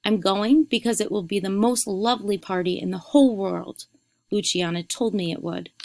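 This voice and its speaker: A proud, stubborn young girl, defiant toward her mother, read aloud by a woman teacher. Her voice sits in a middle pitch. It is recorded close and dry. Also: fairly even intonation, normal speed, gravelly, darkish tone, no room sound, lightly acted. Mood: eager. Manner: defiant, pleading.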